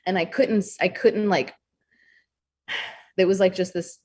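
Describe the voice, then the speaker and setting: A young adult woman talking candidly as a podcast guest, expressive and blunt, swearing freely. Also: medium pitch, slow, a little hiss or hum. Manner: frank, expressive, swears freely, acts out quoted thoughts. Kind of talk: candid interview conversation.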